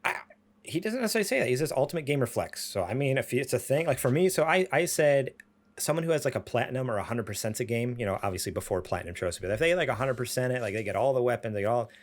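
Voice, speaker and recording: A man's voice: medium pitch, lively intonation, racing. A young man co-hosting a gaming podcast, telling long rambling stories and acting out the voices of the people in them. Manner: rambling storyteller, acts out voices. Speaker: podcast co-host. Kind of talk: casual chat.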